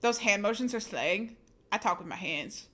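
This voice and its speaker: A woman streamer chatting casually with her viewers, animated, laughing often and swearing freely. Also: medium pitch, normal speed. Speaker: live streamer.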